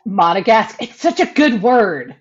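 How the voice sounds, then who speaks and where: A woman's voice: mid-range voice, normal speed. A woman around forty, co-hosting a podcast and telling stories in casual chat with a lot of laughter. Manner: animated, laughing storyteller. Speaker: podcast co-host. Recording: dull lo-fi audio.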